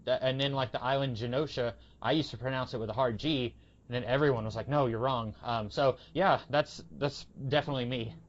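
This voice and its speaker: A man's voice: medium pitch, fairly quick, lo-fi sound. A man co-hosting a podcast, chatting casually about comics and rambling through anecdotes. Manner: rambling, animated storytelling with quoted voices. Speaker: podcast co-host. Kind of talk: casual comic book discussion.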